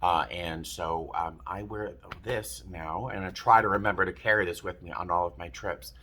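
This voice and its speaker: A man's voice: sits low, steady tone, normal speed, sharp tone, slight background noise. A man, telling a personal story in a casual, rambling vlog, often breaking off and restarting his sentences. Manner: chatty, rambling, self-interrupting. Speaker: vlogger.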